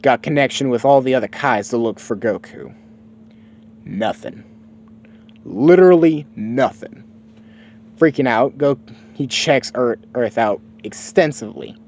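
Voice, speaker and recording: A man's voice: medium pitch, a little slow, long pauses, darkish tone, a little hiss or hum. A man casually improvising a story, rambling and swearing freely. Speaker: streamer.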